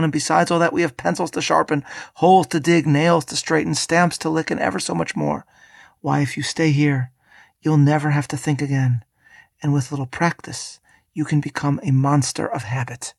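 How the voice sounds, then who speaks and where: A man's voice: a little high, vocal fry, dry recording, clean studio sound. A man reading aloud and voicing a sour, villainous male demon of petty tasks who snarls and shrieks.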